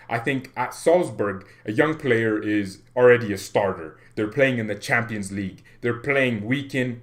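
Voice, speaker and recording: A man's voice: mid-range voice, a bit bright. A young man hosting a fan channel, giving casual, jokey football commentary and acting out mock phone calls.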